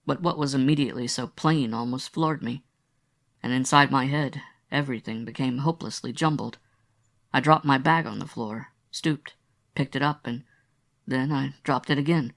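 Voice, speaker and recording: A man narrates a literary audiobook in a gravelly voice full of vocal fry, pitched in the middle range and a bit bright. His storytelling is measured and confessional.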